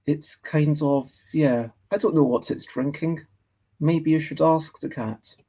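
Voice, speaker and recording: Slow, gravelly Scottish man chatting while drawing. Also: a little high, mellow. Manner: meandering, thinking aloud, reading chat. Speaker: livestreaming artist. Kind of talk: casual chat while drawing.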